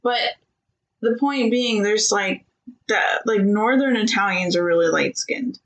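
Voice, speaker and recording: A woman chatting casually with her husband, talkative, with many "like" fillers and quick laughs. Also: medium pitch, poor audio. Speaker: co-host talking with her husband. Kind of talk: casual chat.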